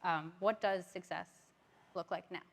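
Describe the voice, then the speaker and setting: A woman's voice: fairly low pitch, fairly even intonation, a little slow. A woman moderating a stage panel, chatty and encouraging with many affirmations. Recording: live stage, long hall reverb.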